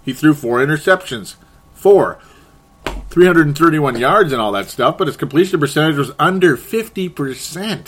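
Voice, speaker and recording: A man hosting a sports talk show, talking in an excitable, sarcastic way and chuckling often. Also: mid-range voice. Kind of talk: casual sports commentary monologue.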